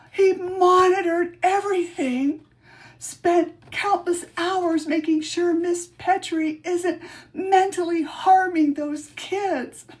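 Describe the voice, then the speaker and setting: Brief: woman acting out an indignant letter writer, high and piercing, unhurried, dripping with melodrama. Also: darkish tone. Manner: shrill, melodramatic, self-righteous. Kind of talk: dramatic reading.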